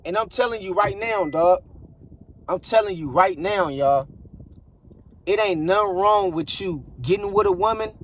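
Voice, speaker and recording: A man's voice: high-pitched, moderate pace. A man giving blunt, preachy relationship advice in a casual monologue, repeating himself for emphasis. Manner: blunt, preachy, repeats phrases like "bruh" and "I guarantee you". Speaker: relationship commentator.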